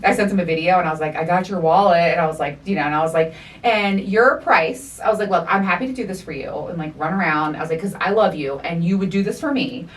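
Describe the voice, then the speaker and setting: A middle-aged woman hosting a podcast, telling a story in animated, profane casual chat and acting out the quotes. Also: fairly low pitch, very fast, few pauses, recorded from a distance. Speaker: podcast host.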